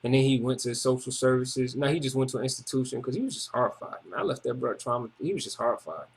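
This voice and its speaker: Man, husky, slangy and repetitive; emotional personal testimony, loose rambling delivery. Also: mid-range voice, fast. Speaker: testimony speaker.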